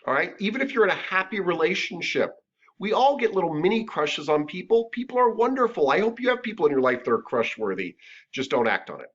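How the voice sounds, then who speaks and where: A man's voice: sits high, sing-song, fast talker. A man teaching a massage therapy class in a casual, joking, conversational lecture. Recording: dull lo-fi lecture recording.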